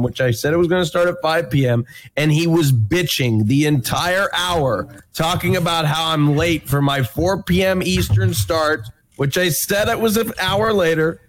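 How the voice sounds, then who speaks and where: A man's voice: a little high, normal speed. A man telling an exasperated story in a casual group voice call, swearing and mimicking people.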